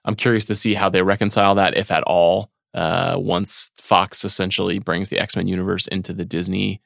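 A man co-hosting a podcast, talking through a film at length in a relaxed, analytical way. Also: sits low, normal speed, creaky, no room sound, studio quality. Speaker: podcast co-host. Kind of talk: casual film discussion.

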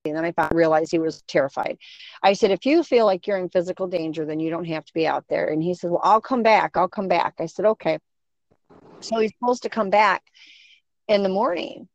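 With a lowish voice and a brisk pace, a middle-aged woman recounts a story in a casual, lively way, performing the voices of people she quotes. Her recording sounds close, muffled, dull, and dry, with no echo.

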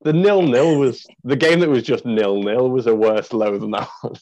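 A man's voice: medium pitch, normal speed, a little mellow, no room sound, dull audio. A man co-hosting a casual podcast, chiming in with playful comments. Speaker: podcast co-host.

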